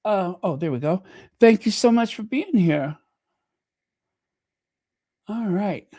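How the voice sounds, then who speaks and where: A man's voice: high-pitched, lively intonation, slow pace, warm tone, dry recording. A man hosting his own channel in casual live commentary, chatty and thinking aloud as he reads viewer comments. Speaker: channel host.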